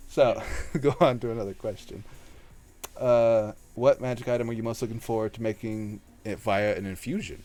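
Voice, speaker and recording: A man's voice: on the low side, darkish tone. A man hosting a casual podcast chat about a tabletop game, joking, laughing often and swearing freely. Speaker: podcast host.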